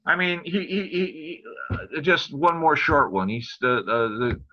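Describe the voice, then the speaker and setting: An older man, a pastor, chatting casually on a podcast, telling stories and halting jokes and sometimes losing his place. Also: fairly high pitch, animated, highs cut off. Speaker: pastor and guest father.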